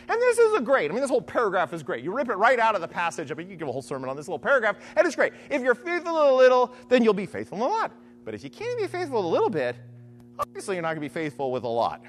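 Animated preacher with a lively pitch. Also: brisk, soft background music. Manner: animated, keeps asking "right?"; acts out imagined voices. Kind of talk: sermon-style Bible teaching.

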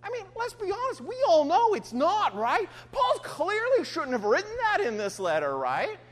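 A woman's voice: very high-pitched, huge pitch swings, moderate pace. A woman preacher delivering a sermon in an emphatic way, often asking her listeners "right?". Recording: long hall reverb, faint hum.

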